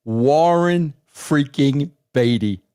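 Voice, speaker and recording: A man telling a story on a talk podcast, excitable and emphatic, always addressing the host as "bro". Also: a little high, drawn-out words, smooth. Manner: excitable, swears for emphasis, keeps saying "bro". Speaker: guest.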